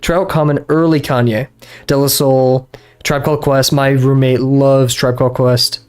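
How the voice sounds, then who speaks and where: A young man draws while streaming from his bedroom, talking in a smooth, darkish mid-range voice with a flat delivery and a slightly slow pace. Soft music plays behind his rambling, easily sidetracked chat, which is full of fillers, restarts and frequent laughs.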